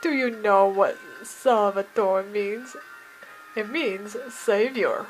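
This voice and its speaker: A woman's voice: medium pitch, takes it slowly, soft background music, natural voice, low-quality recording. A woman voicing a jovial middle-aged male language teacher, theatrical and dropping foreign words, read aloud from a game. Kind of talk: reading game dialogue aloud.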